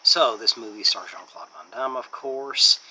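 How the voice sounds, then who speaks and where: Male reviewer, lowish and very bright voice, chatty rambling plot recap. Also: measured pace, a little hiss or hum, poor audio. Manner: rambling retelling with many fillers. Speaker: movie reviewer.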